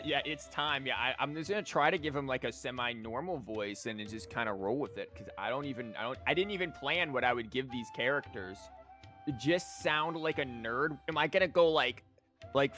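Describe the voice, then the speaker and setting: A man's voice: medium pitch, moderate pace, a bit bright, soft background music. A man streaming a game, talking casually and candidly with lots of fillers and rambling asides. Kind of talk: casual gaming commentary.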